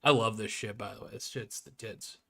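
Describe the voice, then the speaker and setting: A man's voice: on the low side, fairly even intonation, fairly quick, vocal fry, fairly bright tone, slight background noise. A man giving casual, rambling video commentary in a sarcastic, mocking tone, full of restarts, profanity and jokey asides. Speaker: video creator.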